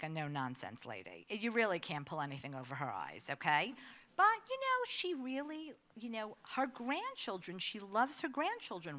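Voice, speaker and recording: Middle-aged woman talking to a group, bright voice, really lively ups and downs, chatty storyteller. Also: fairly low pitch. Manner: animated storyteller, laughs often. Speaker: advocacy staff speaker. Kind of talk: conversational presentation with personal story.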